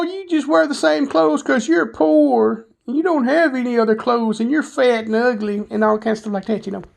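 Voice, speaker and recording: A creaky, high-pitched male voice with a Southern US accent tells personal stories in a vlog monologue. He is candid and self-deprecating about his past, rambling and leaning heavily on filler words.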